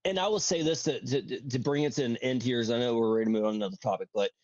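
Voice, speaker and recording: A man's voice: mid-range voice, very fast, darkish tone, dry recording. Emphatic man from Florida, dry dull sound. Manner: emphatic, talks in bursts with restarts. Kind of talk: casual opinion chat.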